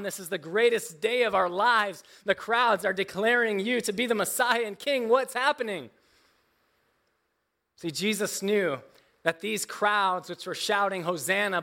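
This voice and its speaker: A man's voice: high-pitched, fairly bright tone. A man preaching a sermon, reading scripture and explaining it earnestly, with emphatic rises and frequent restarts. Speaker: pastor.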